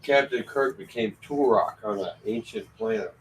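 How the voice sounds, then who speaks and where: A man's voice: medium pitch, moderate pace, a little hiss or hum, poor audio. A man in a casual podcast chat, chiming in with offbeat trivia.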